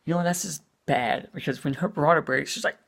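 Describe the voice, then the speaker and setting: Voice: medium pitch, brisk, vocal fry, a bit bright. A speaker giving a casual spoken movie review as an exasperated rant, full of "you know" and swearing.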